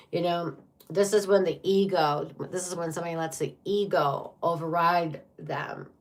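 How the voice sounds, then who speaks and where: A woman giving a tarot reading to viewers, blunt and profane, with dramatic reactions to the cards. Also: fairly low pitch. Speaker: tarot reader.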